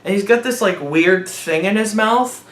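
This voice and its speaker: A man's voice: high voice, normal speed, a bit bright. A man giving a sarcastic, rambling movie review, mocking the film as he goes. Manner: rambling, mocking, acts out characters in silly voices. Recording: roomy echo.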